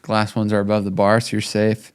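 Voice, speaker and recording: A man's voice: on the low side, completely flat delivery, brisk, clean tone. A man co-hosting a casual podcast, trading jokes and teasing banter with his co-host. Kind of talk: casual chat.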